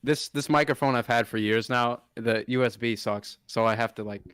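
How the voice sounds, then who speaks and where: A man from Delaware chatting casually on a podcast, dramatic and quick to swear. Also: mid-range voice, a bit bright, smooth, no echo, clean studio sound. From Delaware, USA. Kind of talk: casual chat.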